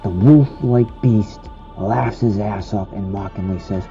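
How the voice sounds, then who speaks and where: A man narrating a horror short story in a slow, dramatic storytelling manner. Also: on the low side, highs cut off, faint music behind.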